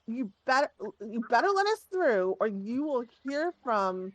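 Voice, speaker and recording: Woman putting on an indignant noble girl, high and shrill, defiant, tabletop game role. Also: big pitch swings, measured pace, dry recording. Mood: angry.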